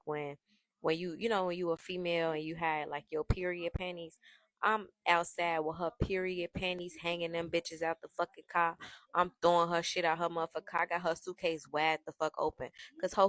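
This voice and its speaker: A woman tells a storytime in a brash, profane, animated way. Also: fairly low pitch, no room sound. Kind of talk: casual storytime.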